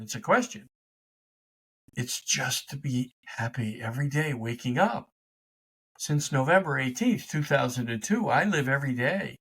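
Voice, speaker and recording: A middle-aged man giving an energetic, emphatic motivational talk as a life coach, speaking straight to his listeners in a conversational way. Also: medium pitch, slightly rough. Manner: energetic, emphatic, conversational, talks to his dog mid-show. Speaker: life coach and podcast host. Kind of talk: motivational direct-to-camera talk.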